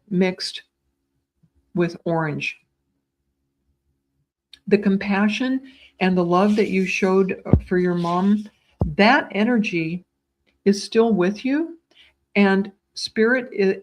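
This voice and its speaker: A psychic medium gives live readings in a tender, soothing mid-range voice, calling viewers "sweetheart." She speaks with gentle repetitions and small stumbles.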